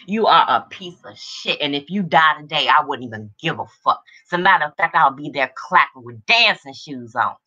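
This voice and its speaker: A woman's voice: deep voice, lively intonation, moderate pace, hardly any pauses, sharp tone, lo-fi sound. A middle-aged woman hosting a livestream, ranting in furious, profane confrontation, agitated and overheated, and repeating her lines for emphasis. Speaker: livestream host. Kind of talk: angry livestream rant.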